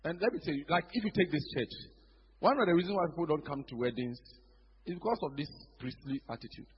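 A fast-talking pastor with a fairly high voice and a Ghanaian accent preaches in a church hall, acting out congregants with animation and weaving in local phrases. There's slight background noise, and the recording is dull and echoey.

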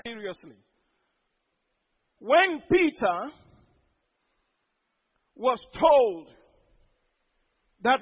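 A man preaching a sermon as pastor, breaking into sudden loud emphatic outbursts. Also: very high-pitched, very animated, drawn-out words, long pauses, husky, dull audio.

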